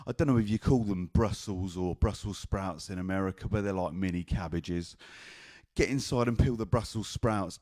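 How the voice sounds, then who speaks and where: A man's voice: low-pitched, darkish tone, no echo, clean studio sound. A man with an English accent performing spoken word poetry with a rhythmic, chanted delivery and telling stories between poems. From England. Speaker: performance poet. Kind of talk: spoken word poetry and storytelling at an open mic.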